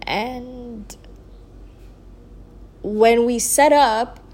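A young woman casually telling a personal story on her vlog, sleepy and yawning, her speech slow and drawn out and full of "like" and soft trailing asides. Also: on the high side, fairly even intonation. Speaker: vlogger sharing a personal story.

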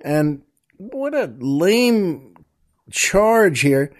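A man's voice: sits high, very animated, extremely slow. A man hosting a comedy podcast, telling jokes in a chatty monologue full of asides and chuckles. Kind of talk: casual comic monologue.

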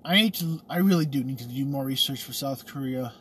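A man's voice: mid-range voice, fairly quick, fairly bright tone, slight background noise. A man talking in a casual, rambling vlog monologue, swearing freely and laughing at himself. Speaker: vlogger.

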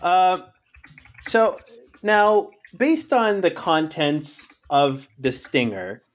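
A man's voice: a little high, sing-song, very slow. A man playing his character in a tabletop game, hesitant and full of ums and uhs. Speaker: player.

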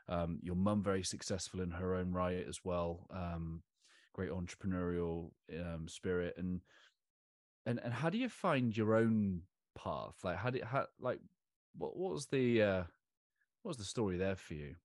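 A man hosting an interview, asking questions in a halting way as he searches for his words. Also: low-pitched, a little mellow, dry recording, clean studio sound. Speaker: podcast host.

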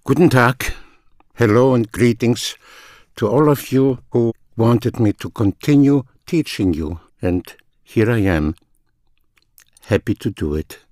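Slow, deliberate older male teacher. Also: medium pitch, darkish tone, no room sound, clean studio sound. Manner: slow, deliberate, repeats phrases for the learner. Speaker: language teacher. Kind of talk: recorded language lesson.

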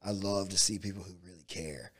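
Laid-back man with a lowish voice. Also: brisk, husky. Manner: relaxed, rambling, says "dude" and "like" a lot. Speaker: jiu-jitsu and MMA coach. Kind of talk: casual conversation.

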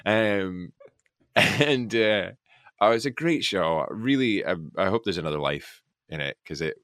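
A man from the United States, an actor guest, chatting casually and telling stories with lively quoted voices. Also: fairly low pitch, normal speed, dry recording, studio quality. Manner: animated storyteller, acts out quoted voices. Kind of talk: casual podcast chat.

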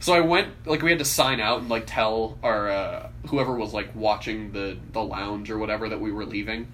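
A man's voice: lowish voice, moderate pace, a bit bright, a little hiss or hum, rough recording. A young man co-hosting a podcast, telling school stories in a casual, profane, laughing way. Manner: swearing, laughing storyteller. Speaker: podcast co-host. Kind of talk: casual storytelling chat.

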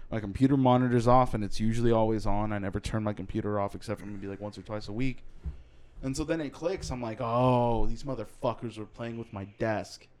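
A man's voice: mid-range voice, a little mellow. A young man casually chatting as a podcast co-host, telling a profane story in a mock-indignant way. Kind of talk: casual chat.

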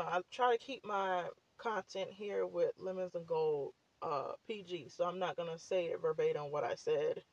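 This casual talk-show host, also an author, addresses listeners in a relaxed, rambling manner packed with fillers. Her medium-pitched voice is scratchy, and she seems slightly out of breath. No echo is present, but the highs are cut off.

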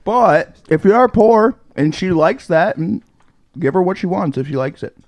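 A man's voice: high voice, animated, normal speed, a little mellow, no echo. Playful teasing man, dry close sound. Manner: teasing, playful, mock role-play. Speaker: podcast co-host. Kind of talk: casual comedy banter.

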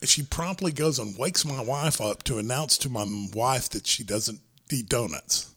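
A man's voice: medium pitch, moderate pace, fairly bright tone, slightly rough. A man in his forties on a casual podcast, telling a rambling story with many fillers and a lot of swearing. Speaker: podcast co-host.

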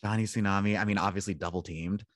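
A man's voice: on the low side, fairly even intonation, fast talker, no room sound, studio quality. A man co-hosting a podcast, chatting casually and joking around. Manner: playful, jokey. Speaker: podcast co-host.

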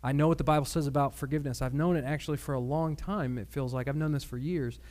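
A man preaching a sermon with personal testimony, earnest and measured, with pauses and fillers. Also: fairly high pitch, fairly even intonation, a little mellow. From Michigan.

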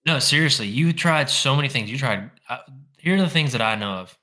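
A young man with a Southern Arkansas accent, co-hosting a podcast in casual chat with teasing, deadpan jokes. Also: mid-range voice, fairly quick. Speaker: podcast co-host.

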